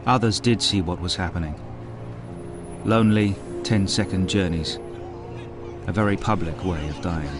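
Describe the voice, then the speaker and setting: A man reading scripted documentary narration in a measured, solemn way. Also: deep voice. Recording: narration over a music score.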